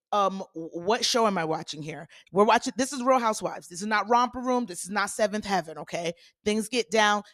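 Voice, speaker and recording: A woman hosting a solo commentary podcast, talking in a sassy, animated way with playful asides to her listeners. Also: mid-range voice, no room sound, clean studio sound. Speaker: podcast host.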